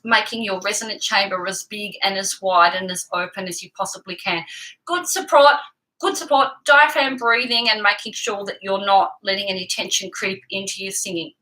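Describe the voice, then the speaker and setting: A woman singing teacher who explains technique patiently and clearly, breaking off to sing short examples. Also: medium pitch, moderate pace, pushed and bright, low-quality recording. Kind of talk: vocal lesson with sung demonstrations.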